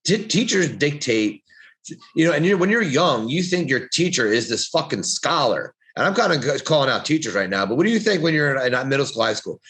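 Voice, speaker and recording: A man's voice: medium pitch, very animated, a little fast, fairly bright tone. A man co-hosting a podcast, talking in a blunt, profane, preachy way as he gives motivational advice in casual chat. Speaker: podcast co-host.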